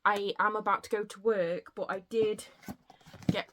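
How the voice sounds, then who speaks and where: A woman chatting casually in a reading vlog, rambling and warm-hearted about books. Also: mid-range voice, steady tone, moderate pace, noisy background. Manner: chatty, rambling, emotional when grateful. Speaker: book vlogger.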